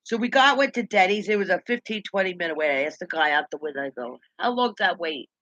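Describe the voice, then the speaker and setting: A woman's voice: on the low side, quick pace, a bit bright, dry recording, highs cut off. A woman hosting a casual live stream, rambling and ranting as she retells conversations and repeats herself. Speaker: livestream host.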